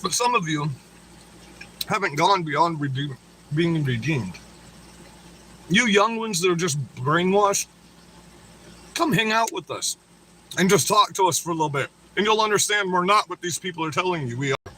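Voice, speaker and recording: High, bright-voiced man ranting profanely. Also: expressive, normal speed, pauses often, a little hiss or hum, rough recording. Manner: crude, profane, taunting. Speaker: livestream host. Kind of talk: ranting livestream monologue.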